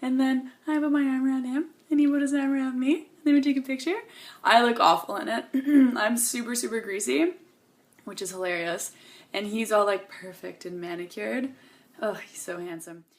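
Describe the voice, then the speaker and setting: A woman's voice: fairly high pitch, moderate pace. Young woman, vlogger, casual chat to camera, bubbly, gushing, tired, coming down with a cold.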